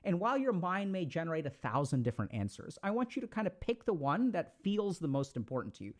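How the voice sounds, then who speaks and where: A man giving casual advice to an audience, talking in an animated, conversational way and acting out little quoted exchanges. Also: on the high side, fast. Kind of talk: casual motivational talk.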